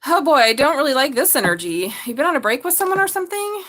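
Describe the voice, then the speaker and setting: A woman's voice: high-pitched, big pitch swings, quick pace, a bit bright. A woman doing a live tarot reading, chatty and blunt, swearing and laughing as she talks. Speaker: tarot reader.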